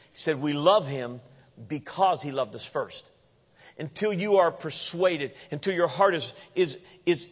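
A man preaching in a fairly high voice, lively and playful, slipping into other people's voices as he quotes them. His sermon rings through a large hall with long reverb, and the recording sounds dull and lo-fi. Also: slightly rough. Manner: animated, acts out quoted voices with humorous asides. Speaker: pastor.

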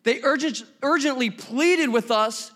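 High-voiced, animated male preacher. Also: measured pace. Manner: animated, conversational storytelling with bursts of emphasis. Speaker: pastor. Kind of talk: sermon.

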